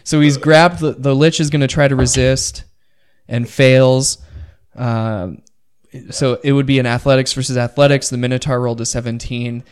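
A man narrating a tabletop game as game master, counting dice rolls aloud with excitement. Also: mid-range voice, moderate pace, smooth.

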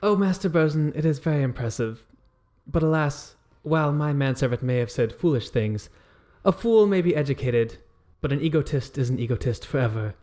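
A man's voice: on the high side, expressive, brisk, warm tone, natural voice. A man voicing a prim, witty aristocratic lady with genteel, affected upper-class speech. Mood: cutting.

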